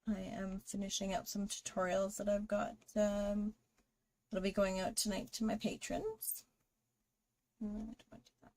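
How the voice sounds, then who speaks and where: A woman's voice: medium pitch, little pitch movement, moderate pace, darkish tone. A woman hosting a live drawing stream, chatting casually with viewers and greeting them while she draws. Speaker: livestream artist host.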